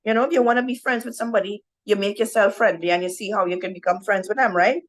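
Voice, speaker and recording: A woman's voice: medium pitch, fairly even intonation, fast talker, low-quality recording. A woman giving an informal Bible teaching talk to women, keeps asking "right?" as she goes. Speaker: women's ministry speaker.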